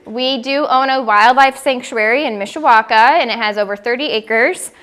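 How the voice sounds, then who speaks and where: A woman with a slightly high voice gives an informal talk on birding in a gallery room. She is friendly and chatty, and she sometimes mimics bird calls for her listeners. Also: normal speed, fairly bright tone. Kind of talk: informal presentation to a small audience.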